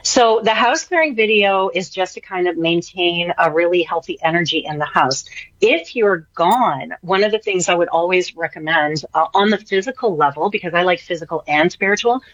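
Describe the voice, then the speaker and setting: A woman's voice: lowish voice, normal speed, dry recording, dull audio. A woman guest on a radio interview, talking with enthusiasm, repeating phrases and tagging on "right?". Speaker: spiritual energy worker guest.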